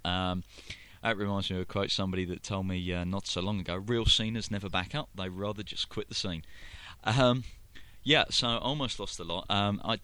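A man's voice: deep voice, a bit bright, smooth. A man with a London accent hosting a live internet radio show, rambling through announcements with many fillers and restarts. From London, England. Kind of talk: casual live radio chat.

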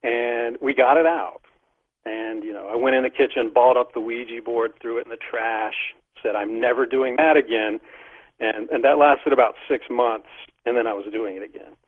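A middle-aged man, a guest in an interview, animatedly shares a casual story and laughs often while talking. His medium-pitched voice moves at normal speed with fairly even intonation, carried over a tinny phone line.

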